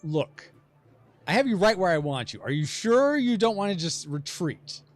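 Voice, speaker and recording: A man's voice: high voice, big pitch swings, moderate pace, voice pushed up. A man voicing a sly male junk golem robot that beeps and bargains in a wheedling manner. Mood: coaxing. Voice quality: beeping robot voice.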